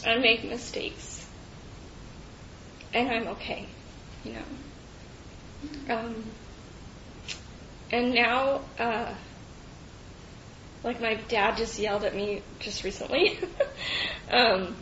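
Woman, slow halting testimony, filler-heavy, roomy muffled recording with faint rumble. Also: fairly bright tone. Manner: halting, reflective, many fillers and restarts. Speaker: speaker sharing personal story. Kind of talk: personal testimony.

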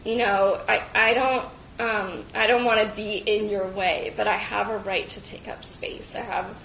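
Woman, slow halting testimony, filler-heavy, roomy muffled recording with faint rumble. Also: steady tone, vocal fry, a bit bright. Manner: halting, reflective, many fillers and restarts. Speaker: speaker sharing personal story. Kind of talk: personal testimony.

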